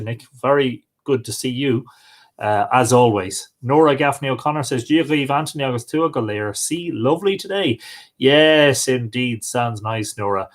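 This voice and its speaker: A middle-aged man with an Irish accent hosting a live stream, reading out viewers' comments and greeting each one by name. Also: medium pitch. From Ireland. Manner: friendly, reads comments aloud.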